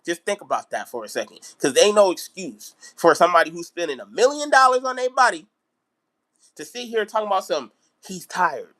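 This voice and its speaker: Ranting man, high and bright. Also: a little fast. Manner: animated, repetitive ranting. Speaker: basketball vlogger. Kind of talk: live-stream sports rant.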